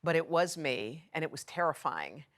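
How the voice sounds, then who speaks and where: A woman's voice: sits low, very animated, normal speed, a bit bright. A middle-aged woman giving a candid, conversational personal speech in a video message, acting out the dialogue she recalls.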